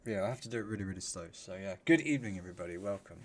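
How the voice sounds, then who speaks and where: A man's voice: deep voice, lively intonation, racing. Chatty man greeting stream viewers. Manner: chatty, greets viewers by name, laughs often. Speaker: livestream host. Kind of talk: casual live-stream chat.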